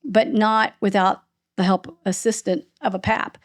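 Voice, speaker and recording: A middle-aged woman, a podcast host being interviewed, recounting a painful family loss in a halting, emotional way. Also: medium pitch, steady tone. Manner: halting, restarts and voice breaking with emotion. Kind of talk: emotional personal storytelling in an interview.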